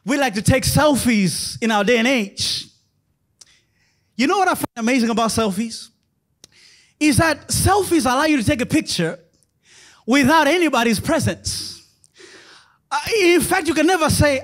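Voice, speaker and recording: A man preaching a sermon in church as pastor, moving between loud shouted lines and quiet, low passages. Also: expressive, normal speed.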